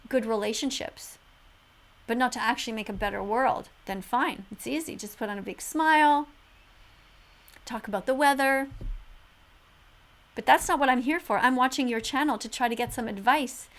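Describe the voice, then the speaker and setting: A woman commenting to camera as a vegan activist, preachy and emphatic, swinging between flat remarks and loud exclamations. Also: a little high, normal speed, pauses often, rough recording. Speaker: vegan activist video host.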